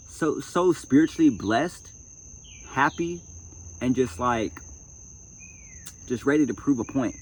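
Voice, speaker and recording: A man with a low-pitched voice talks in a casual, emotional and preachy way, repeating himself as he reads from a self-help book. He is recorded outdoors at night. A faint hum of crickets and insects sits behind him. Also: rough recording. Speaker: vlogger reading a self-help book aloud. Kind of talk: casual spiritual talk with book reading.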